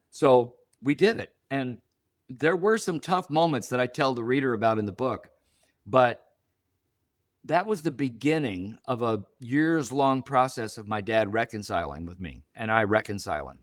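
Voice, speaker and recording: A man's voice: medium pitch, normal speed, no room sound, clean studio sound. An older man in his seventies, a guest in an interview, telling stories and acting out quoted dialogue. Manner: animated, acts out quoted dialogue. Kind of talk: storytelling interview.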